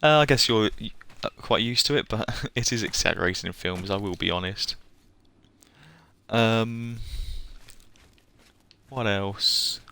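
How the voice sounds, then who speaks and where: A man's voice: lowish voice, slow pace, vocal fry, pauses often, sharp tone, clear, resonant tone. A man streaming a game live, chatting casually and rambling, often laughing at himself.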